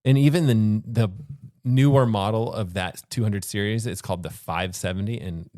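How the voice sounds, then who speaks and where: Lowish guy rambling about gear on a podcast, lots of "like", dry close sound. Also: normal speed, warm tone, dry recording. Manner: rambling, self-correcting, frequent "like". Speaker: podcast co-host and watch reviewer. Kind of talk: casual chat.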